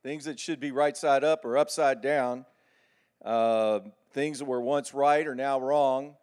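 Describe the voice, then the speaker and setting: Animated folksy preacher man. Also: medium pitch, a little slow, clear, resonant tone. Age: middle-aged. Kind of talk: sermon.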